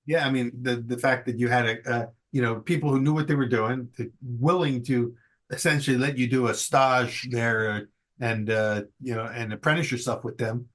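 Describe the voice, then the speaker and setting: A man hosting a radio interview, speaking haltingly with fillers. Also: mid-range voice, fairly even intonation, fairly bright tone. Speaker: radio host. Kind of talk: casual interview.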